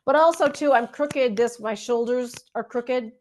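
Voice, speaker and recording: A woman chatting on a video call, telling a story with lively acted-out quotes. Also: fairly high pitch, unhurried, a little hiss or hum. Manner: animated storytelling, acts out quotes loudly. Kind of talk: casual chat.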